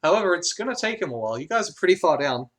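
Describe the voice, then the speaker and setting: A man's voice: high-pitched, big pitch swings, racing, fairly bright tone. A man narrating a tabletop game as game master, in a descriptive storytelling manner.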